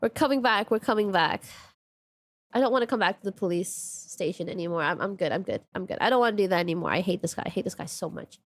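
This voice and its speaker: A woman's voice: medium pitch, expressive, quick pace. A young woman streaming a story game, commenting casually, exasperated and swearing often, saying "question mark" aloud.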